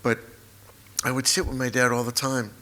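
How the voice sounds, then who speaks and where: A man in his sixties, a memoir author, telling a personal story at a live talk event, halting, repetitive and openly emotional. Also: mid-range voice, little pitch movement, sharp tone. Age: 60s.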